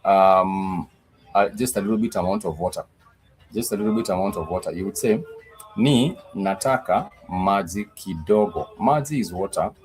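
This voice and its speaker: Deep-voiced man teaching a language class. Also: soft background music, rough recording. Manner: slow, repetitive, spells words letter by letter; frequent "uh" fillers. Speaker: Swahili teacher. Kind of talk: live-streamed language class.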